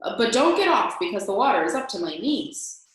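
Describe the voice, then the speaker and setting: A woman's voice: mid-range voice, big pitch swings, fairly quick, close to an everyday voice. A woman voicing a tired, fretful young male dragon in a storybook reading, breathless and pleading. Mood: excited. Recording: very echoey room.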